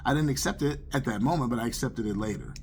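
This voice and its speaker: A man's voice: mid-range voice, fast, vocal fry, a little hiss or hum. A man earnestly sharing his personal faith testimony in a conversational, storytelling way. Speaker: testimony speaker.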